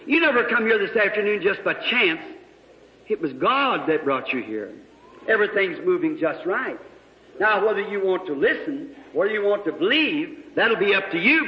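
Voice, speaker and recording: A man preaching a sermon, telling a story with his voice swinging from hushed asides to sudden shouts. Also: high-pitched. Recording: echoey hall, muffled old recording.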